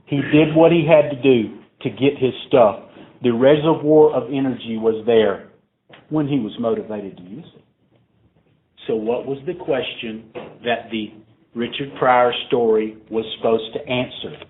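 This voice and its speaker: A man's voice: medium pitch, unhurried. A man speaking at a recovery meeting, telling a story to a crowd in a profane, digressive, conversational way. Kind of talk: live storytelling talk to a crowd. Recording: tinny phone-like recording, faint hiss.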